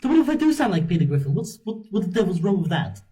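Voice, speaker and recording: A man doing a Peter Griffin impression on a video chat, talking brash and profane as a loud, crude cartoon dad. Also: sits high, very animated, racing, heavy background noise. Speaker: online video chat prankster.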